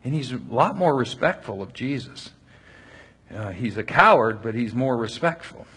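A man's voice: medium pitch, lively intonation, moderate pace, fairly bright tone, husky. A man leading a Bible study, reading passages aloud and explaining them in a conversational way with frequent restarts.

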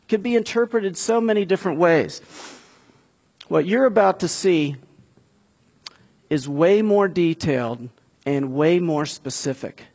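A man's voice: a little high, animated, measured pace, long pauses, a little mellow, husky. A man preaching a sermon in a conversational way, building to emphatic peaks. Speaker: pastor.

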